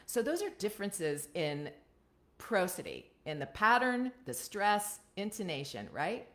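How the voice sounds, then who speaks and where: A woman's voice: fairly low pitch, sing-song, moderate pace, fairly bright tone. A woman with an American accent giving a casual voiceover coaching talk over a live video stream, often checking in with "right?". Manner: chatty, ends points with "right?". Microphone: computer webcam stream.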